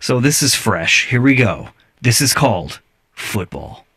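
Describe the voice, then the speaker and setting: A man's voice: mid-range voice, sing-song, a little slow, bright, forceful tone, breathy edge. A man hosting a casual podcast, amused and profane as he reviews videos and rambles. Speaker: podcast host.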